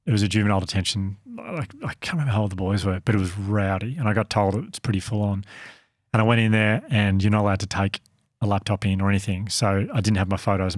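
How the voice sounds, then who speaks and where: A man's voice: fairly low pitch, dry recording, clean studio sound. Earnest man telling a story. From Australia. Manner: earnest, self-deprecating, laughs at own slips. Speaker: podcast co-host and company founder. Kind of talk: casual storytelling chat.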